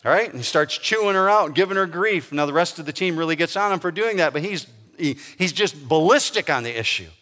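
A male pastor preaching a sermon, emphatic, slowing down to stress key words. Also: a little high, pushed and bright. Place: church sanctuary. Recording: long reverb of a large hall.

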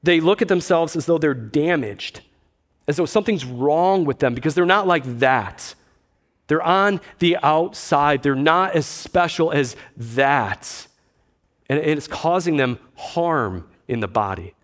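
A man's voice: a little high, expressive, unhurried. A man pastor preaching a conversational sermon, with dry asides and quotes he acts out.

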